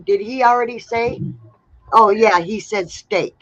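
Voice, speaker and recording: Slow-talking woman hosting a live chat. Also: medium pitch. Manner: relaxed, reads out chat replies one by one. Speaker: livestream host. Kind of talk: casual live-stream chat reading viewer answers. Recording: dull lo-fi sound.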